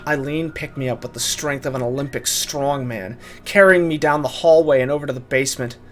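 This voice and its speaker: A man's voice: medium pitch, brisk, a bit bright, soft background music. A man narrating a first-person horror story, dramatic and urgent in his telling.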